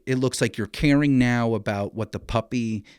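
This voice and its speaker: Animated, swearing dog-trainer guest. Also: male voice, mid-range voice, moderate pace, smooth, no room sound, clean studio sound. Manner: animated storyteller, swears freely, frequent restarts. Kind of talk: casual podcast conversation.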